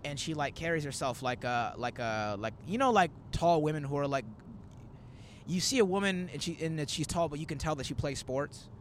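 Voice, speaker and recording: A man's voice: on the high side, lively intonation, fairly quick, a little hiss or hum. A man in his twenties, a comedian hosting a casual road-trip chat, telling rambling stories full of quoted asides. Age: 20s. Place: in a moving car.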